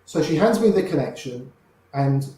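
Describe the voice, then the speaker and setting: An older man, a poker player, telling old stories in an animated way and quoting people in quick little voices. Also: on the high side. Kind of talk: anecdotal storytelling. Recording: very echoey room.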